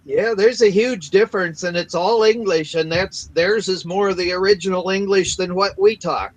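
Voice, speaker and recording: A man from the Pacific coast of the United States, chatting casually and haltingly, repeating words and adding fillers. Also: high voice, rough recording. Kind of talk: casual voice chat.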